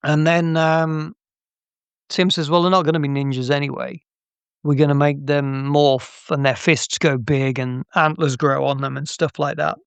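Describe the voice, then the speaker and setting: A man's voice: a little high, level tone, normal speed, gravelly, clean tone, dry recording. A middle-aged man, an interview guest, telling anecdotes in a chatty way with frequent restarts and laughs. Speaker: interview guest, game artist. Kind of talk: casual interview storytelling.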